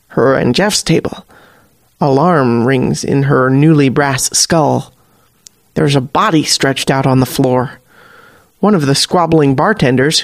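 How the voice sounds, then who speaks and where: A man narrating a short story in a steady, wry storytelling voice. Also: on the high side, gravelly, dry recording, clean studio sound. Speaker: story reader. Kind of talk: scripted narration.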